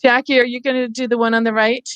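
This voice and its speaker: A woman's voice: a little high, little pitch movement, fast talker, a bit bright, clean tone, dry recording, muffled recording. A woman leads teachers through a reading workshop over a video call, explaining patiently step by step.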